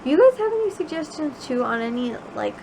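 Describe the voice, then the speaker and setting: A woman's voice: high voice, very animated, brisk, gravelly. A young woman from the Chicago suburbs, chatting casually to camera in her bedroom and rambling with many filler words. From Chicago suburbs, USA. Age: young adult. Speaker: vlogger. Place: bedroom at home at night. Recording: noisy home recording.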